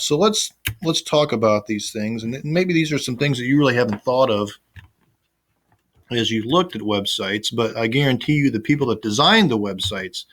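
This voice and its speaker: A man teaching an online class, talking casually over a screen recording with plenty of fillers and restarts. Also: mid-range voice. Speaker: instructor.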